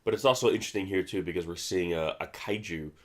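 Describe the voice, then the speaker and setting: Male commentary host with a deep, low voice, casual and rambling, full of restarts. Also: quick pace. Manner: rambling, many restarts and fillers.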